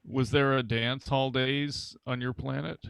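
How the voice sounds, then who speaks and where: A man hosting an improv comedy show, joking in a halting, stammering way. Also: medium pitch, steady tone, vocal fry, a bit bright, clean tone, no echo.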